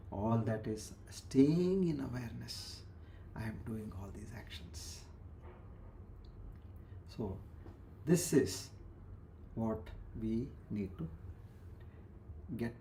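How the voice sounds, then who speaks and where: A man leads a spiritual discourse in a warm, mellow voice of medium pitch. He explains with homely examples and repeats key phrases. At times he sinks to a near whisper. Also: a little hiss or hum. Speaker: spiritual teacher.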